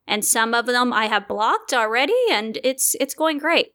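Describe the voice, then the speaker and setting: A woman co-hosts an improvised comedy podcast over a video call. Her voice is a little high and very bright. She talks in a bubbly, chatty way, full of little fillers. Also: normal speed.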